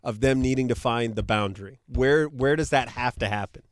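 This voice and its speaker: A middle-aged man telling a story in casual chat, animated and laughing often. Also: medium pitch, brisk, no room sound, studio quality.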